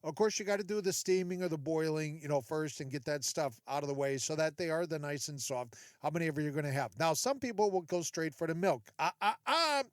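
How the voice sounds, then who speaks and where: A chatty, joking man hosts a solo podcast and talks right to his listeners. His voice sits a bit high. The sound is dry and close. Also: quick pace, few pauses, a little mellow, no room sound. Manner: chatty, jokey, talks straight to listeners with asides. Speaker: podcast host. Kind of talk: solo casual podcast monologue.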